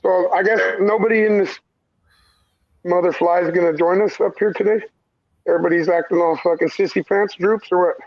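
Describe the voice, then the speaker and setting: A man's voice: high-pitched, steady tone, fairly quick, no echo, dull audio. A man chatting casually on a live stream, joking crudely and swearing freely.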